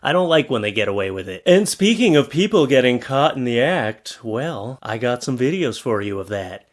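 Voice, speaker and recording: A man hosting a casual reaction commentary, sarcastic and mocking, reading texts aloud in animated voices. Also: mid-range voice, normal speed. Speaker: YouTube host.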